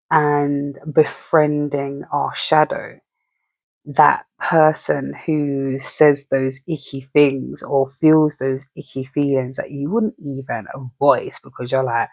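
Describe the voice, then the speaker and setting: A spiritual reader giving a casual message, animated and acting out inner voices with rhetorical questions. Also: medium pitch, breathy edge, no room sound.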